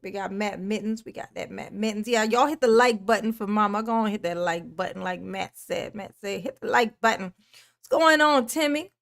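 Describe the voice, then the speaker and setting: A woman's voice: medium pitch, fairly quick, gravelly, hardly any pauses. A woman hosting a casual livestream, greeting her viewers one by one with pet names, calling herself Mama, and laughing often. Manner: calls herself Mama in the third person. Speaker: livestream host. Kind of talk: casual live-stream chat greeting viewers.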